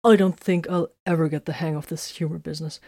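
A woman's voice: sits low, steady tone, fast talker, mellow, no echo, clean studio sound. A woman reading the lines of a stern, cautious male warrior leader in a storybook reading, with a careful, firm delivery.

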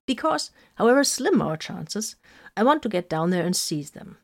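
A woman voicing a shaken human man with a weak, smooth voice. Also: medium pitch, sing-song, normal speed. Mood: wry.

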